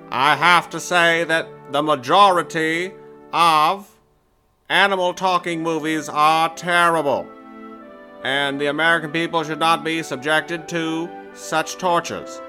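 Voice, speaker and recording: A man's voice: fairly high pitch, steady tone, measured pace, bright, forceful tone, faint music behind. A man voicing a stiff male politician with a put-on Boston accent, delivering formal campaign lines. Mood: stern.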